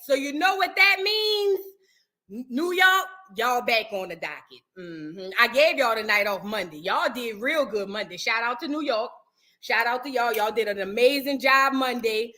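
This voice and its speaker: High bright woman hosting gossip talk, sassy and animated, sings bits here and there. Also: measured pace. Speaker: gossip commentary host. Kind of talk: casual celebrity gossip chat.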